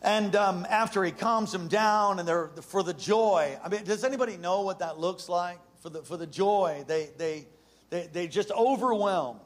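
Intense middle-aged male preacher with a high, bright voice, animated storytelling sermon. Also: normal speed.

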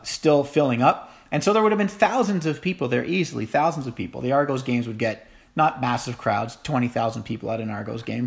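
Pastor guy preaching, earnest, lots of ums and restarts. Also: mid-range voice. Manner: earnest storytelling with many fillers and restarts. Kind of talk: sermon.

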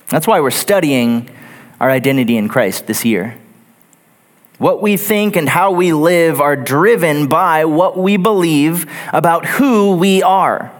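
Male pastor, slightly high voice, earnest sermon delivery with repetition. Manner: earnest, builds points in lists and repetition. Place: church sanctuary.

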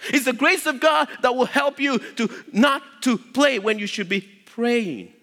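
A man preaching a sermon as pastor, emphatic, with loud stresses that drop to low asides. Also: measured pace. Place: church sanctuary. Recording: long reverb of a large hall.

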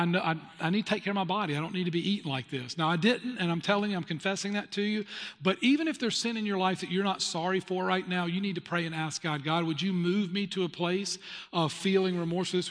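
A man's voice: sits high, a bit bright, in a large hall. A man preaching a sermon, mixing personal confession and storytelling with emphatic points. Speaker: pastor.

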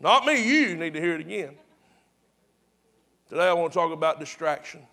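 A man's voice: a little high, lively intonation, normal speed, sharp tone. A pastor preaching to his congregation in a chatty, repetitive way, with emphatic restarts. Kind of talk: sermon.

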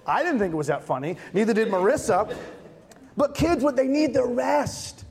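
A man's voice: very high voice, animated, normal speed, gravelly, darkish tone. A man in his thirties, a pastor, preaching a conversational sermon with emphatic repeated refrains. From Massachusetts.

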